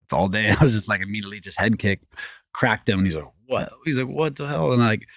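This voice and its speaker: A man, a podcast guest telling a story in rambling, animated casual talk full of restarts. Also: fairly low pitch, fast talker, dry recording, clean studio sound. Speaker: podcast guest, former fighting champion.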